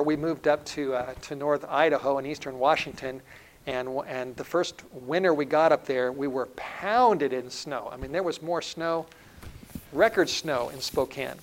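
A middle-aged male preacher giving a sermon in an earnest way, building up loudly and then dropping to a hushed, intimate tone. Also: medium pitch, slight background noise, low-quality recording. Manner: earnest, swells loud then drops to a hushed tone.

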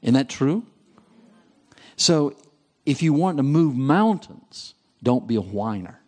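A man's voice: mid-range voice, takes it slowly. A man preaching at a seminar, reading passages aloud and asking his listeners questions. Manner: lively, asks the audience questions. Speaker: seminar speaker. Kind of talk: sermon.

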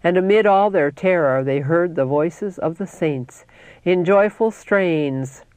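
Slow, solemn reader of devotional text. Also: mid-range voice, a little mellow, clear, resonant tone, no echo. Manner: slow, solemn, deliberate reading with scripture citations. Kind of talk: scripted religious reading.

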